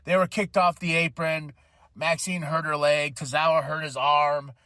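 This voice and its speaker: Casual podcast host, male, higher-pitched, dry close sound, animated storyteller who voices the quotes. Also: moderate pace, no echo. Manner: animated, acts out quotes in voices, laughs often. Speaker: podcast host recapping wrestling. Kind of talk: casual recap chat.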